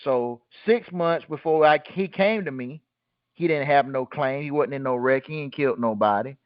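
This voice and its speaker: In a dry recording with the highs cut off, a man with a slightly high voice hosts a group call and teaches. His style is casual, blunt and colloquial, firing rhetorical questions at listeners and answering them himself.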